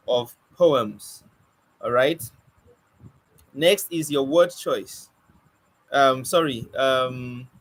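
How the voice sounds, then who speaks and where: A man's voice: on the high side, a bit bright, low-quality recording. A man, giving an informal spoken lesson on poetry and often stopping to search for words. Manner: conversational, restarts and searches for words. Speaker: poetry teacher. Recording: faint background noise.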